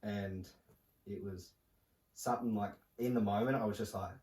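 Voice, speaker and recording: A young man speaks as a podcast guest, low and mellow in tone with little rise and fall. He talks haltingly, full of fillers and restarts. He sits a little back from the mic in a roomy space with faint noise behind him. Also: steady tone, recorded from a distance. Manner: halting, soft-spoken storytelling with many fillers. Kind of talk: casual podcast conversation.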